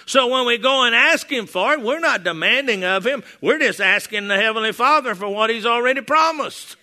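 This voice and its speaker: An older pastor preaches to a congregation in a church hall, wearing a lapel mic and telling folksy stories with many restarts. His very high voice is expressive, bright, and forceful, and he speaks fairly quickly.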